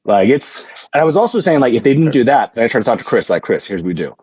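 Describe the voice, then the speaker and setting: A man's voice: mid-range voice, very animated, quick pace, darkish tone, breathy edge, dry recording, dull audio. A man telling a story in casual chat, rambling and joking with lots of fillers and restarts. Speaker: podcast guest, tabletop wargame player.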